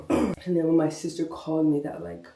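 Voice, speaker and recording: A woman's voice: sits low, little pitch movement, moderate pace, mellow. Breathless, slangy young woman vlogger. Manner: chatty, slangy, rambling. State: out of breath, coughing. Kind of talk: casual chat.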